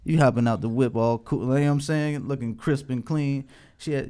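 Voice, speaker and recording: A man's voice: medium pitch, brisk, dark tone, soft background music. A young man hosting a casual podcast, laughing often and trading profane, slangy banter. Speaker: podcast host.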